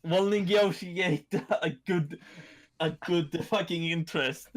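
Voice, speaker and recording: A man playing a tabletop game, animated, laughing and swearing casually. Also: a little high, slow pace. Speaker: player.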